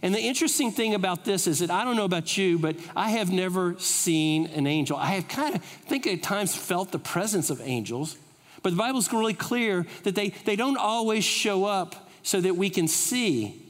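A middle-aged man preaching a sermon full of funny personal stories, with an animated delivery. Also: high-pitched, moderate pace. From United States. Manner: animated, humorous storytelling. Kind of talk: storytelling sermon. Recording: reverberant hall.

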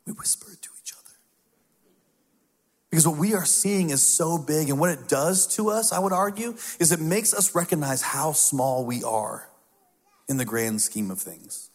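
A man delivers a sermon in a relaxed, storytelling manner, his voice sitting a little high for a man. He slips into hushed asides as he talks. The sound carries the long reverb of a large church hall. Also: normal speed. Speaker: pastor. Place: church sanctuary.

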